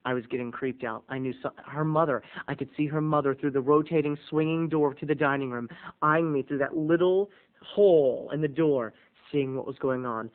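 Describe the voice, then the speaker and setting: A man hosting a video blog, telling a comic story with theatrical swings between booming and hushed. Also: normal speed. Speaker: vlog host. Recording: tinny phone-like audio.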